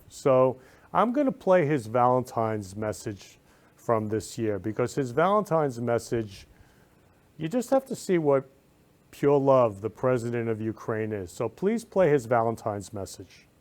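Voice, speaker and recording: Man, talk show host, emotional, effusive, mid-pitched voice, loud outbursts then slow solemn reading. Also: expressive. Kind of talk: casual talk show hosting.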